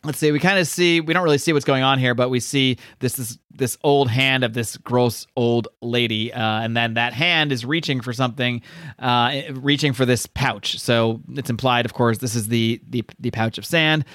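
A man co-hosting a casual comic-book podcast, recapping the story in animated bursts, stammering and acting out the characters in quick asides. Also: medium pitch, dry recording, studio quality. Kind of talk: casual chat.

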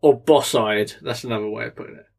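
A creaky, mid-range male voice at a quick pace belongs to a young podcast co-host. In the relaxed conversation he jokes constantly, laughs frequently, and keeps things lively.

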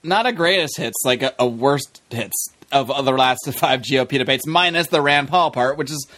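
A man's voice: mid-range voice, normal speed, pushed and bright. A man hosting a casual political podcast, rambling and joking while drinking. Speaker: podcast host.

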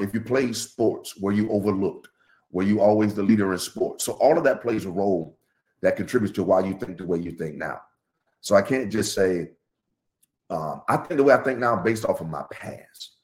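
A middle-aged man talking in a casual podcast chat, animated and laughing often as he tells a story. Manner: animated, laughs often, jumps high when excited. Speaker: podcast guest.

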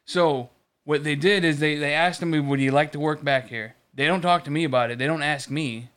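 Man, casual chat, rambling storyteller, swears, smooth clear voice. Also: fairly high pitch, moderate pace, a bit bright. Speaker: podcast co-host.

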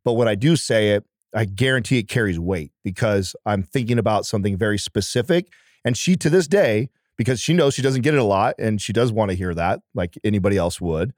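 A man's voice: on the low side, expressive, fairly quick, darkish tone, no room sound, studio quality. A man speaking as a podcast guest in casual conversation, earnest and emphatic, swearing now and then.

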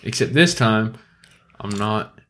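Low-voiced young man telling a story. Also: slow. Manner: profane, animated storytelling with laughs. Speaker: podcast co-host. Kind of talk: casual storytelling chat.

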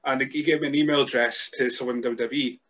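A man hosting a podcast, chatting casually in a deadpan, joking way. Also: mid-range voice, quick pace. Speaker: podcast host.

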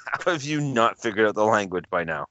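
A man from Canada co-hosts a loose podcast, sarcastic and quick to laugh and swear. The recording is dry and close, with a dull, lo-fi tone. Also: on the low side, animated, fairly bright tone, no room sound. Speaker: podcast co-host. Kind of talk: casual podcast chat.

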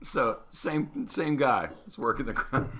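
A middle-aged man, a veteran radio host, telling animated anecdotes in casual conversation and acting out other people's lines. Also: mid-range voice, unhurried. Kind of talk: casual storytelling.

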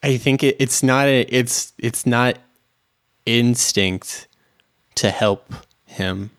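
A man's voice: medium pitch, slow pace, fairly bright tone, dry recording, clean studio sound. A man playing a tabletop role-playing game, thinking aloud hesitantly with many restarts. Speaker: player.

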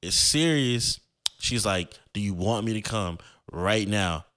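A man's voice: on the low side, fairly even intonation, unhurried, fairly bright tone, clear, resonant tone. A young man, a podcast host, telling a personal story in a loose, slangy way with many fillers and restarts.

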